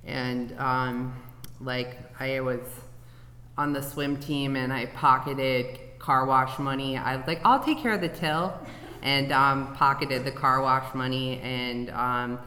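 A man's voice: mid-range voice, completely flat delivery, slow, sharp tone. A man sharing personal experiences at a recovery meeting in a loose, conversational way with fillers. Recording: echoey hall.

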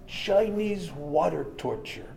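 Man voicing a cold interrogator doctor, quiet, slow and clipped. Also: fairly high pitch, animated, creaky, crowd noise, exaggerated voice, poor audio. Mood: cold calm. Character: calm, menacing male interrogator doctor.

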